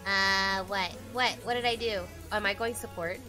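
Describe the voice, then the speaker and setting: A woman's voice: mid-range voice, steady tone, moderate pace, pushed and bright. A woman streamer chatting while she plays, nervous, giggly and rambling. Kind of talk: casual gameplay chat. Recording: game music behind.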